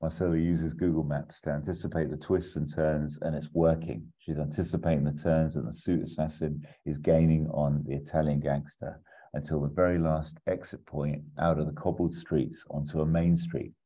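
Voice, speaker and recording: A man casually pitching a film plot as a podcast host, rambling, laughing often and swearing. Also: little pitch movement, moderate pace, mellow, slightly rough, lo-fi sound.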